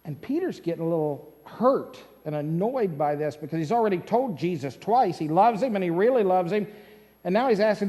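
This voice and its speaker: A man preaching a sermon in a church, telling a story with lively questions to the congregation. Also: high voice, fairly quick. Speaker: pastor. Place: church sanctuary. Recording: long church-hall reverb.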